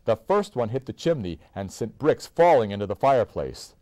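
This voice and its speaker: A man reading a children's book aloud to his child, with expressive, animated storytelling. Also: medium pitch, moderate pace, no room sound. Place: indoors.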